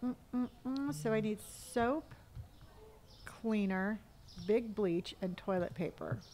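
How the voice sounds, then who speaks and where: A middle-aged woman from California hosts a relaxed live game stream. She chats easily, reads out viewers' comments and talks herself through tasks in a low mutter. Her voice sits at an ordinary pitch for a woman. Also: slow pace, a little hiss or hum. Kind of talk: casual live-stream chat while gaming.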